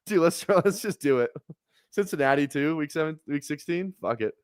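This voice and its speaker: A man's voice: fairly high pitch, lively intonation, fairly quick, clear, resonant tone, no room sound, studio quality. A man casually rambling on a live stream while drafting fantasy football, talking loosely with filler words and the odd curse. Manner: laid-back rambling with frequent laughs and swearing.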